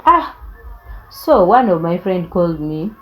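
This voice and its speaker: A woman's voice: lowish voice, sing-song, measured pace, dull audio, over music. A young woman, telling her life story in an earnest, reflective way. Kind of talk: personal storytelling.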